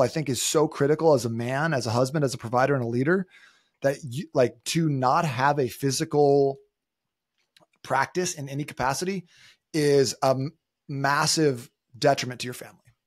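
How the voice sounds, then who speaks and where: A man's voice: mid-range voice, moderate pace, dry recording, studio quality. A man in his thirties, a podcast guest, telling stories in casual conversation and acting out the voices of people he quotes. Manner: animated storyteller, acts out quoted voices.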